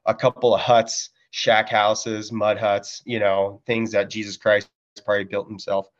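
A man's voice: fairly low pitch, little pitch movement, measured pace. A man telling casual stories from his military service as a podcast guest, laid-back and freely swearing, in a dull lo-fi recording. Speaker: podcast guest, Marine veteran. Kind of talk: casual storytelling chat.

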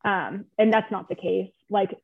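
A woman's voice: mid-range voice, steady tone, a little slow, vocal fry, husky. A young woman, a new mother, talking candidly as an interview guest, chatty and full of "like" fillers. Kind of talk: casual interview chat. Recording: tinny phone-line sound.

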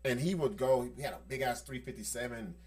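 A man hosting a podcast, telling stories in a casual chat with animated, profane energy. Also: mid-range voice, fast talker. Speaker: podcast host.

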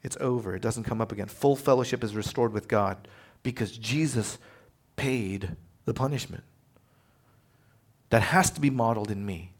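A man preaching a sermon as pastor, animated and conversational, acting out quotes as he tells stories. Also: on the low side, moderate pace, pauses often. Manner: animated storytelling, acts out quotes.

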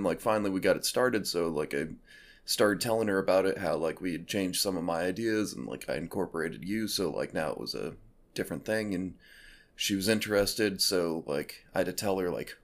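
A man hosting a podcast, telling a long rambling family story in casual chat, full of "like" fillers. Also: low-pitched. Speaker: podcast host.

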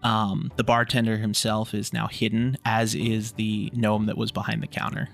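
A man's voice: fairly low pitch, monotone, normal speed, gravelly. A man narrating as game master of a tabletop game, in a laid-back, casual way with filler words.

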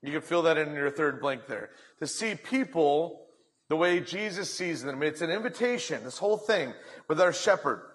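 A male pastor giving a lively, conversational sermon in a church sanctuary. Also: on the high side, normal speed.

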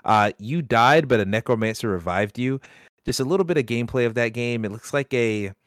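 A man hosting a casual gaming podcast, talking excitedly and often breaking into laughter. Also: medium pitch, a little fast, no room sound, clean studio sound. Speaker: podcast host. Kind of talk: casual chat.

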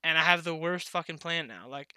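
A young man talks loosely with a friend, rambling, laughing and cursing as he goes. His voice is very bright and smooth, a little higher than most men's. The sound is dry and close. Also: brisk, no room sound. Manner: laughs often, swears freely, rambling. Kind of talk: casual podcast chat.

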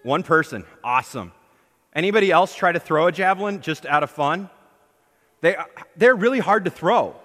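A pastor with a slightly high, fairly bright voice preaches animatedly at normal speed in a church hall, its long reverb trailing his words. He's emphatic with his congregation, posing questions and acting out the lines he quotes.

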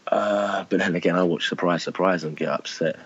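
Deep husky-voiced blunt man. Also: steady tone, a little fast, a bit bright, muffled recording. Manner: emotional, blunt, swears, calls people mate. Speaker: charity fundraiser guest. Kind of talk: candid interview talk.

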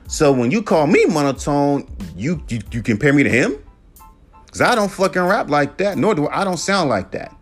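A man hosting a solo podcast, ranting in a casual, profane, emphatic way and mocking others in put-on voices. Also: fairly high pitch. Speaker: podcast host.

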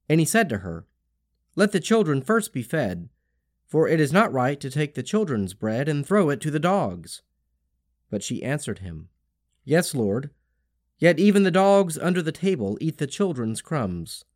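A man reads scripture in a solemn, measured voice. His pitch sits mid-range but rises and falls a great deal, so each line sounds expressive rather than flat. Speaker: scripture reader.

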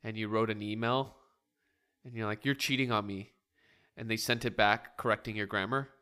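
A man's voice: on the low side, little pitch movement, brisk, pushed and bright, clean tone. A man in a casual sports chat, joking and exasperated.

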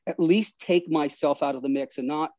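Animated New man telling stories. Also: a little high, moderate pace, no echo. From New York. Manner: animated, restarts, laughs mid-story. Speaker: podcast guest. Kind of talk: casual storytelling. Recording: slightly dull dry recording.

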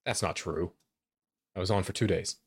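A man's voice: low-pitched, normal speed, breathy edge, no echo, studio quality. A man co-hosting a live stream, teasing his co-host and laughing often. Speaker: podcast co-host. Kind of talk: casual chat.

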